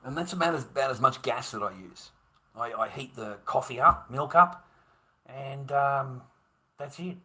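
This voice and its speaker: A man's voice: medium pitch, measured pace, pushed and bright. An Australian man hosting a livestream, rambling and chatting to viewers, swearing freely, laughing often and calling everyone mate. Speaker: livestream host. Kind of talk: rambling live-stream chat.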